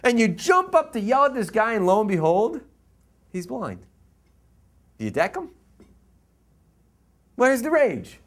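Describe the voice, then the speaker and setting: Animated man telling a teaching story. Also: high-pitched, a little slow, pauses often. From US East Coast. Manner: animated, laughs often, acts out scenes. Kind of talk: storytelling lecture.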